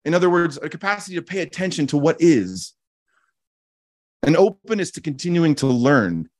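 A man with a slightly high voice talks through his ideas in a reflective, teaching way, the way a podcast host would. He is earnest, often restarts his sentences, and repeats key phrases for emphasis. The sound is dry and close, with no room echo. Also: lively intonation, normal speed. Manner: frequent restarts and casual fillers.

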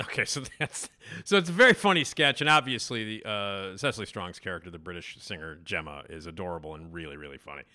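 A man hosting casual commentary, rambling along with fillers and real enthusiasm. His voice is on the low side but very bright and forward. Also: expressive, fast talker. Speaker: host.

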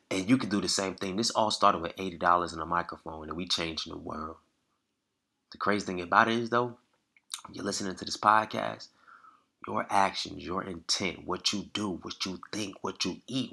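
A man delivers a motivational podcast monologue with a husky, forceful voice. He speaks directly to his listeners, earnest and preachy, in loose, slangy phrasing. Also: lowish voice. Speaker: podcast host.

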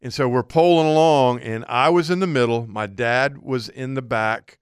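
A man co-hosting a fishing talk show, telling an animated story and laughing through it. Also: medium pitch, moderate pace, clear, resonant tone, no room sound, studio quality. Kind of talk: casual storytelling chat.

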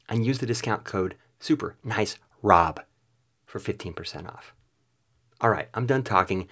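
A man hosting a podcast, reading a reflective, self-deprecating outro. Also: on the low side. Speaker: podcast host.

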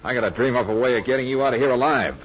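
A man's voice: mid-range voice, racing, natural voice. A man playing a cool, wisecracking private detective in a 1940s radio drama. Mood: wry. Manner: dry wisecracks. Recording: dull old radio broadcast.

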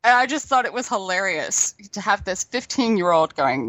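A middle-aged woman talks in a loose, chatty way and laughs easily. Her voice sits at an ordinary pitch. The sound is dry, with no room echo. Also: very animated, normal speed, hardly any pauses, fairly bright tone. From New Zealand. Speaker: guest. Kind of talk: casual chat.

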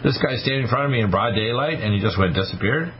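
A man's voice: medium pitch, animated, quick pace. Emphatic older man on talk radio. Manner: emphatic storytelling, acting out quoted dialogue. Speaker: radio show host. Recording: slightly muffled radio broadcast with faint noise.

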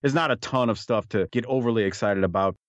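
A man's voice: on the low side, fast, dry recording. Chatty man with a dull, dry sound. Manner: chatty, thinks aloud. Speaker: podcast co-host. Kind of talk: casual conversation about old wrestling footage.

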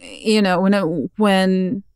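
A woman voice actor and audiobook narrator chatting casually as an interview guest, animated and self-critical, laughing often. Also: mid-range voice, slow pace, smooth, no echo, studio quality.

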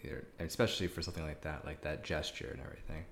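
A man's voice: rumbling low, very fast, creaky, a bit bright, a little hiss or hum. A man co-hosting a casual movie review chat, thoughtful, with hesitant restarts. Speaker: podcast co-host.

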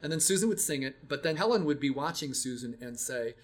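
A man's voice: a little high, animated, brisk. An older man, a music educator, talking casually and reflectively about teaching children to sing, telling stories with frequent restarts.

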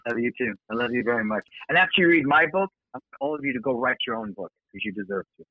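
A man's voice: medium pitch, lively intonation, rapid-fire, no echo. A man appearing as an author guest on a podcast, talking in an earnest, encouraging way. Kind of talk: casual podcast chat. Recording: tinny phone-like remote line.

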